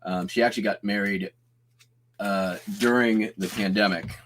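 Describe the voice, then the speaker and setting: A man's voice: lowish voice, steady tone, normal speed, fairly bright tone, slight background noise. A man in his thirties or forties who hosts a live stream, talking casually, rambling, cutting himself off mid-sentence and laughing often. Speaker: host.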